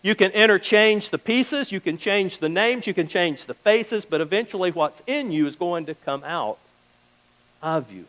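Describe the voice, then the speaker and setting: Man, pastor, high voice, easygoing sermon, acts out quick quoted exchanges. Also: lively intonation, fairly bright tone, low-quality recording. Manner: conversational preaching, acts out little quoted exchanges. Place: church.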